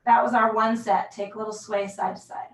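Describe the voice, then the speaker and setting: A woman leading a pilates class, calmly cueing breaths and moves in a casual, self-deprecating way. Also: mid-range voice, a little fast. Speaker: pilates instructor. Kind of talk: guided workout instruction. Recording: echoey room, mic far off.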